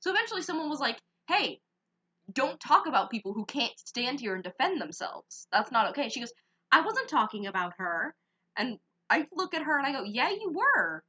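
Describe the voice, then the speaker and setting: Bright, lively teenage girl ranting. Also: high voice, brisk, dull audio. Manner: animated, indignant ranting. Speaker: podcast co-host. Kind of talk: casual storytelling.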